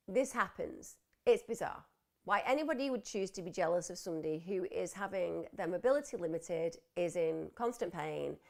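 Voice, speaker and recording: A woman's voice: mid-range voice, vocal fry. A middle-aged woman hosting a live wellbeing clinic, answering viewer questions in a reassuring therapist's manner. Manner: warm, reassuring therapist talk. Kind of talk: live advice chat, reading viewer questions.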